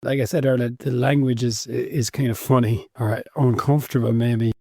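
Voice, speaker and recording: A man's voice: medium pitch, fairly even intonation, normal speed, warm tone, dry recording, studio quality. A man co-hosting a casual book podcast, often restarting and repeating words as he hedges his points. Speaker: podcast co-host. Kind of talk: casual book-club chat.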